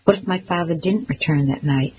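A woman narrates an audiobook in a low, steady voice. Her reading is measured and expressive. A faint hiss sits under the recording. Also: rough recording. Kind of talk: scripted first-person narration.

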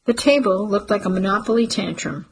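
A woman narrating a literary story in a steady audiobook reading. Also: mid-range voice, brisk, vocal fry, breathy edge, low-quality recording.

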